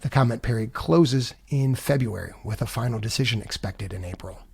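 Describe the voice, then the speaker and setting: Gravelly-voiced male podcast host. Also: medium pitch, fairly quick. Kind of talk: interview and narration.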